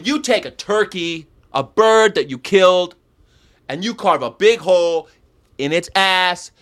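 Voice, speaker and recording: A man putting on the voice of a blunt male animal-rights lecturer, ranting slowly and confrontationally. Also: high voice, bright, forceful tone, voice pushed up, exaggerated voice. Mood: mocking.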